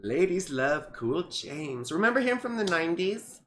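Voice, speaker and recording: A woman's voice: on the low side, very animated, normal speed, a little hiss or hum. A middle-aged woman astrologer in a casual vlog. She rambles through asides and keeps checking in with tag questions, recorded on a camera mic.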